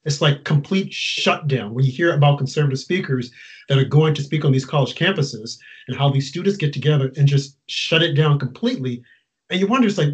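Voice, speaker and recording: A man's voice: on the high side, fairly quick. A man hosting a casual interview, talking emphatically and putting exasperated questions to his guest. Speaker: interview host. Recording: dull lo-fi sound.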